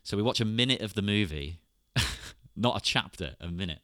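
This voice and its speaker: Male podcast host, casual and animated, lively pitch, fairly low voice. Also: moderate pace, no echo, studio quality. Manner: animated, laughs often. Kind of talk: casual chat.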